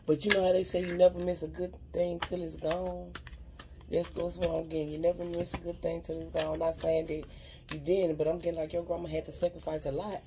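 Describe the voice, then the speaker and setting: A spiritual advisor does a casual card reading aimed straight at viewers, sounding earnest and heartfelt as she rambles and keeps repeating "you know what I'm saying." Her mid-range voice barely moves in pitch, the pace is brisk, and there's background noise.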